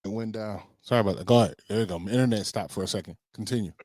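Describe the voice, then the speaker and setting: A man co-hosting a casual chat over a remote call, ranting quickly and then apologizing for it. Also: lowish voice, darkish tone, dry recording, studio quality. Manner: quick, self-deprecating ranting. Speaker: podcast co-host.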